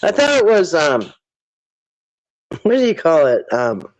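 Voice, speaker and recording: A man's voice: a little high, wildly swooping pitch, measured pace, poor audio. A man hosting a casual livestream, rambling and thinking aloud as he answers viewer chat. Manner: rambling, thinks aloud, quotes people in put-on voices.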